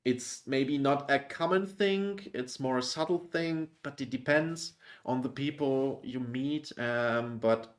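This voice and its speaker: Guest, German man, German accent, average pitch, thoughtful and hesitant, casual live chat. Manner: thoughtful, measured, hesitant phrasing.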